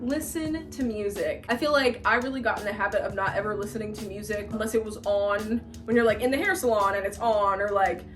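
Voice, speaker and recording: A woman's voice: mid-range voice, fairly even intonation, fairly quick, hardly any pauses, over music. A woman in her late twenties giving blunt life advice in a casual vlog, emphatic and given to repeating her points. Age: late 20s. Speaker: vlogger.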